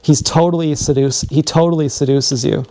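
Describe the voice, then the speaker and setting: A man's voice: a little high, steady tone, moderate pace, mellow. A man telling a long personal story on a livestream, meandering and profane, often restarting his sentences. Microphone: streaming from a body camera.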